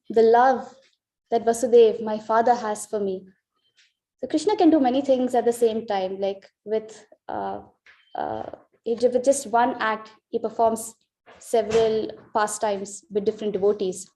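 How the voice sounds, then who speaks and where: A woman's voice: a little high, warm tone. A woman giving a devotional scripture class in a temple, telling a sacred story with heartfelt, emotional quoted voices. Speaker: class speaker.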